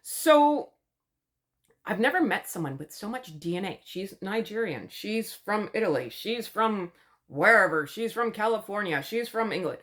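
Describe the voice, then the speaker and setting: A woman's voice: mid-range voice, animated, measured pace, a bit bright. A woman from Canada giving a gossipy, sarcastic recap of a TV show, chatty and mocking. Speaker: commentary vlogger.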